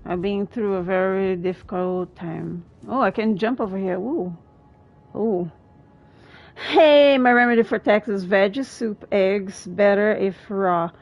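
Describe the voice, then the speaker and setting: A woman streaming a video game chats with her viewers, often exclaiming and breaking into laughter between remarks. Her voice is medium-pitched with fairly even intonation and an unhurried pace, over dull audio.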